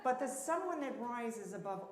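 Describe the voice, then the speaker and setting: A woman's voice: on the high side, lively intonation, moderate pace. A woman doing live character comedy as a therapist, flustered and effusive, rambling with many restarts, on a handheld mic in a temple event hall. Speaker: comic performer playing a therapist at a live event. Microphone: handheld mic on stage. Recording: roomy hall, audience noise and laughter.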